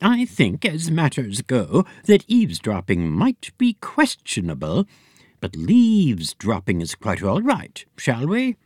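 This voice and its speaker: A man's voice: mid-range voice, wildly swooping pitch, slow pace, darkish tone, no room sound, studio quality, voice pushed up, full character voice. A man voicing a fanciful female fortune teller with a dreamy, prim manner.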